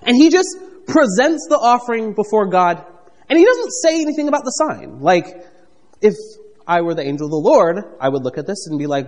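A man preaching a conversational, animated sermon, reading scripture and acting out the characters with playful asides. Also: sits high, moderate pace, in a large hall. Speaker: pastor.

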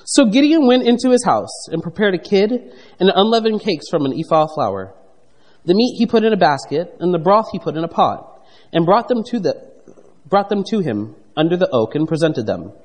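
Animated preacher man in a reverberant hall. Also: high voice, moderate pace. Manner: animated, conversational preaching with asides and playful voices for God and Gideon. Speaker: pastor. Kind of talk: sermon.

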